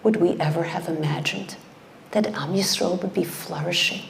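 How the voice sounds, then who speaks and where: A middle-aged woman delivers a heartfelt sermon, unhurried and deliberate. Her low voice carries a gravelly edge, and she often sinks into a near whisper to drive a point home. A faint hiss sits under the recording. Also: steady tone. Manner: impassioned, dropping to hushed whispers for emphasis. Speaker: speaker at a community event.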